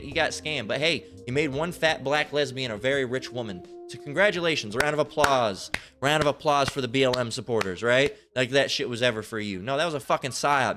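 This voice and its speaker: A man of middle pitch ranting in a loose, profane preaching style, circling back over the same points and stumbling through restarts. Music plays clearly behind his voice. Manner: rambling, repetitive, swears a lot. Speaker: religious commentator. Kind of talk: profane casual preaching rant.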